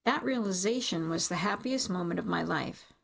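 A woman's voice: fairly low pitch, expressive, moderate pace, gravelly. A woman reading a first-person story aloud in an intimate, emotional narrating style. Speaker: audiobook narrator.

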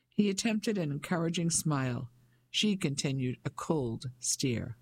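Gravelly male audiobook narrator. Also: fairly high pitch, lively intonation, unhurried.

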